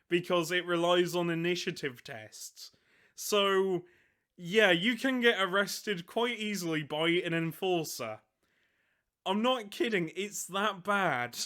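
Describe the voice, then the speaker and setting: Slow, bright-voiced joking man. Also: high-pitched, clear, resonant tone. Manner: joking and self-mocking, laughs often, swears freely. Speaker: tabletop wargame channel host. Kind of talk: casual solo commentary on game rules.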